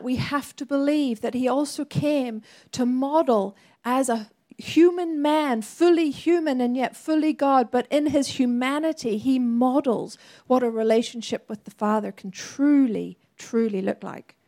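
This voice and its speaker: A woman's voice: high voice, dark tone. A woman preacher delivering a sermon in an earnest, conversational way with laughing asides.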